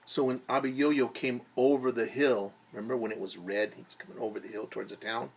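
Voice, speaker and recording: A young man teaching children, musing aloud with gentle questions during story time. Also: mid-range voice, steady tone, fairly quick, creaky, breathy edge.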